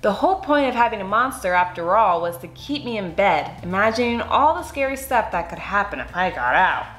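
A woman reading a children's picture book aloud, expressive and unhurried. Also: medium pitch. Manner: expressive, slow and clear. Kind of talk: storybook read-aloud. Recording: echoey room, faint music.

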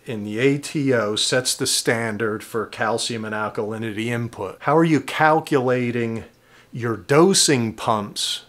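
A man's voice: mid-range voice, a bit bright. A man from New Jersey hosting a reef tank hobby video, chatting casually to his viewers and answering their questions from his indoor tank studio. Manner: chatty, talks straight to viewers as "guys".

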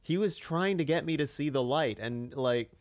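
A man co-hosting a podcast who tells an animated story in casual chat and slips into voices for the people he quotes. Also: a little high, normal speed, no echo. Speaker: podcast co-host.

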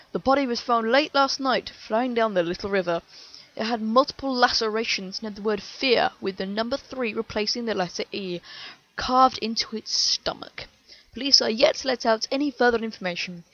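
A woman voicing a TV news anchor within a horror story, delivering the report in a loud, formal announcing tone. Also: on the high side, no echo, lo-fi sound.

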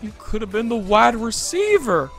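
A woman's voice: a little high, big pitch swings, normal speed, faint music behind. A woman voicing a crude, melodramatic, man-hungry mother in a survival game, with a theatrical, sing-song delivery.

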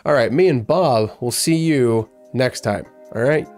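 A man's voice: medium pitch, unhurried, a little mellow, faint music behind. A man giving casual, rambling commentary as he plays a video game, talking to himself in a playful way. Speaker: gaming YouTuber. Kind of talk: casual Let's Play commentary.

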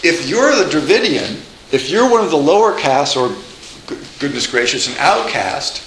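A man lecturing a college class live, lively and joking, with asides and frequent restarts. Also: a little high, moderate pace, slight background noise. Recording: echoey lecture room.

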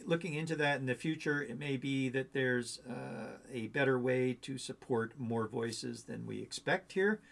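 Gravelly man, chatty coding tutor. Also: medium pitch. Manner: rambling, thinking aloud, chatty and upbeat. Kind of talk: casual screen-share coding walkthrough.

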